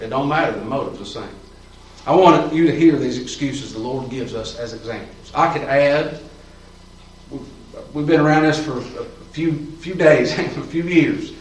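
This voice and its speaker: A man preaching a sermon in a church, in a folksy, fervent style with plain colloquial talk. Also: medium pitch. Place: church sanctuary. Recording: roomy echo, voice from far off, faint ambience.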